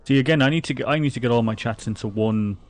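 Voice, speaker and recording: Speaking quickly in a mid-range voice, a man with an Irish accent from the Republic of Ireland streams a game. He chats casually with his audience, reads their comments aloud and laughs often.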